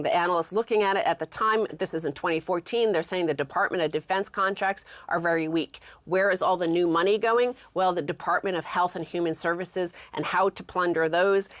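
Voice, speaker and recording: A woman co-hosting a talk show, reading news quotes aloud and explaining them in a measured way. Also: lowish voice, dry recording. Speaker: co-host.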